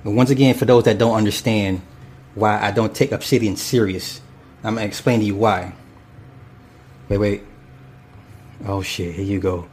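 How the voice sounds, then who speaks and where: A man's voice: on the low side, steady tone, normal speed, long pauses, a little mellow. A man hosting a casual commentary stream, reading chat and speaking bluntly and profanely, rambling with restarts.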